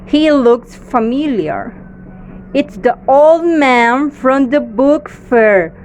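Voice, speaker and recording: A woman teacher reading a storybook aloud to children, slow and expressive, with frequent delighted exclamations. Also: high-pitched, a little hiss or hum, low-quality recording.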